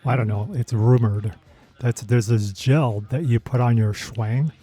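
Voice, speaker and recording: A man's voice: mid-range voice, fairly even intonation, measured pace, warm tone, breathy edge. An American man co-hosting a podcast, chatting casually in a rambling, questioning way with many restarts. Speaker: podcast co-host. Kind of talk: casual banter.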